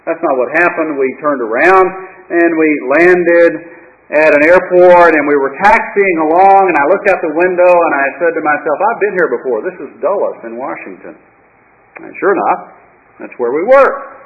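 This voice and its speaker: A high-voiced pastor preaches at a normal speed, telling his sermon like a story with wry, dramatic flair and dropping into hushed asides. The audio is muffled and lo-fi, like an old church tape recording.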